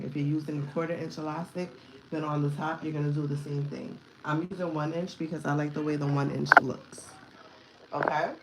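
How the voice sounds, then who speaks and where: A woman hosting a live sewing tutorial, talking viewers through each step in a casual, chatty way and speaking up loudly over her work. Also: low-pitched, reverberant, rough recording. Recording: noticeable background noise.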